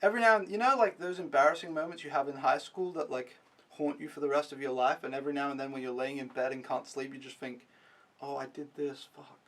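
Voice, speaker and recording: A man's voice: a little high, fast, fairly bright tone, recorded from a distance. A young man vlogging a casual, rambling recap, mocking himself and swearing freely.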